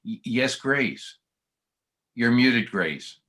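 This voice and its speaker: A man leading a text study group on a video call, halting and full of restarts. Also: mid-range voice, lively intonation, bright, forceful tone.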